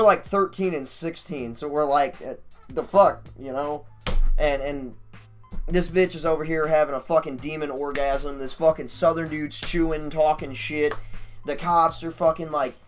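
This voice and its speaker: A man streaming, telling a story casually in a profane, animated, rambling way. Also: fairly high pitch, moderate pace, soft background music.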